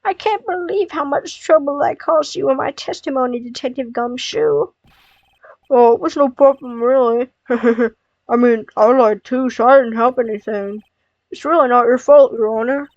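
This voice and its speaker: A woman's voice: high-pitched, moderate pace, no room sound. A woman voicing an eager young male rookie detective who talks earnestly and stammers now and then. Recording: dull dry lo-fi recording.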